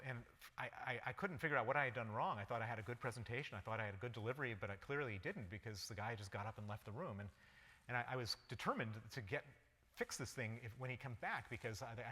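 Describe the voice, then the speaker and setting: Here a man with a sharp, mid-range voice lectures publicly as a guest speaker, narrating a personal anecdote vividly in the present tense. His words echo with the long reverb of the lecture hall.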